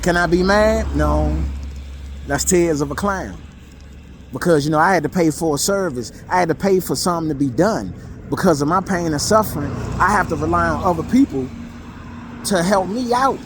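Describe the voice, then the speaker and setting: Raw, high-voiced man venting. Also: animated, normal speed, slight background noise. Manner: raw, blunt, profane, repeats himself for emphasis. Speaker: vlogger. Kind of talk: emotional monologue.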